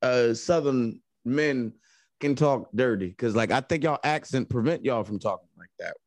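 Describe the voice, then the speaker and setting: A man's voice: medium pitch, darkish tone. A man with a North Jersey accent co-hosting a podcast, joking and teasing in casual chat. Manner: teasing, joking, quick to laugh. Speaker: podcast co-host.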